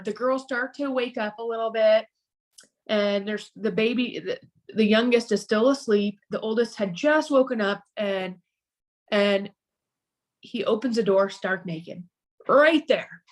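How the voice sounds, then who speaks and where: Halting, emotional woman telling her story. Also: mid-range voice. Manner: halting, with frequent restarts and repeated words. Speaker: podcast guest.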